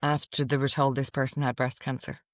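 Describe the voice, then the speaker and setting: A woman's voice: rumbling low, flat delivery, a little fast, no echo, studio quality. A middle-aged woman hosting a casual podcast, reading out quotes from a list in a chatty, amused way. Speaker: podcast host.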